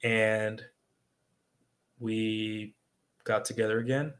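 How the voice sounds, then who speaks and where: A man's voice: lowish voice, flat delivery, drawn-out words, a bit bright. A young adult man on a livestream, talking casually as a dating coach and tagging his points with "right?". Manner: conversational, repeats "right?" as a tag.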